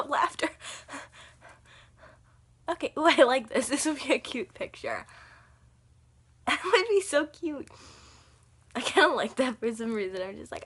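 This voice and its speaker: A young woman chats straight to her viewers in a casual storytime vlog, rambling and breaking into giggles. Her voice is a little husky and sits fairly high, and it swoops up and down a lot as she talks. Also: big pitch swings, normal speed, a bit bright. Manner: giggly, rambling, laughs often through the story. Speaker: vlogger.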